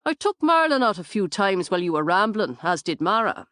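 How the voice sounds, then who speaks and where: A woman narrator voicing a cheerful, easygoing young man, light and brisk. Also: high voice, very animated, pushed and bright, dry recording, clean studio sound, exaggerated voice.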